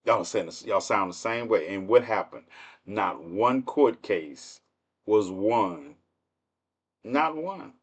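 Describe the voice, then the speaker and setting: A man's voice: on the low side, expressive, slow, slightly rough. A man hosting a livestream with casual political commentary, speaking in with a mocking, laughing, rhetorical manner. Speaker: livestream host.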